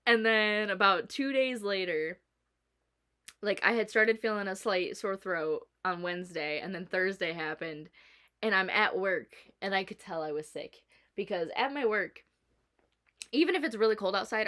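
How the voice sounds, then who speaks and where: A young woman vlogging at home, chatting and telling a story with animated quoting and laughter. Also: medium pitch, normal speed. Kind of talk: casual chat. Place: indoors at home.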